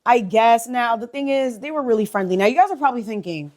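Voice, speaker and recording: A woman's voice: a little high, fast. Blunt, profane woman telling a story. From United States. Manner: animated and profane, blunt and gossipy. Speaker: vlogger. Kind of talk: casual storytime.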